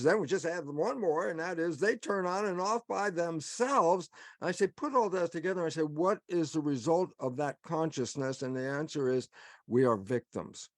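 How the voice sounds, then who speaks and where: A man's voice: a little high, no echo, studio quality. A man giving an emphatic webinar talk, putting questions to himself and answering them. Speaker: guest speaker.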